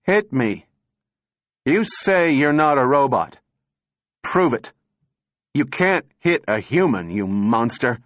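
A man voicing a frantic thin male heckler who shouts taunts in a cracked voice. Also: very animated, slow pace, pauses often, no room sound, studio quality. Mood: wild taunting. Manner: shrill, taunting, wild.

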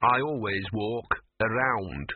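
A man's voice: lowish voice, lively intonation, slow, noisy background. A man voicing a scruffy, cynical talking male dog with a smug, streetwise manner. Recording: narrow phone-like audio.

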